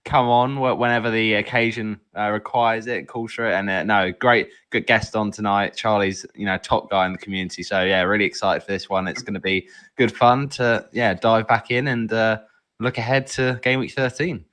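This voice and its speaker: A man's voice: on the low side, steady tone, normal speed, a bit bright, clean tone. A man appearing as a regular guest on a casual podcast, easygoing and hesitant, with many fillers.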